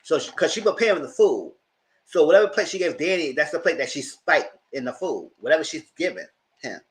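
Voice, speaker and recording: A man's voice: a little high, animated, brisk. A man hosting a live TV recap, telling the episode's story dramatically with slang asides and heated commentary. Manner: colorful and heated, swears in his commentary. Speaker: TV reviewer and channel host.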